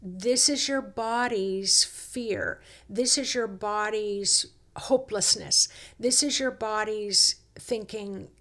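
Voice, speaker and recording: A woman hosting a reflective self-help talk, coaxing and unhurried, who slips into quoted inner dialogue. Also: medium pitch, a bit bright. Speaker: host.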